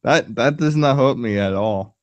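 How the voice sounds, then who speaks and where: A man's voice: medium pitch, normal speed. A man chatting casually on a stream, joking and laughing at himself. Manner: playful, jokey, laughs at himself.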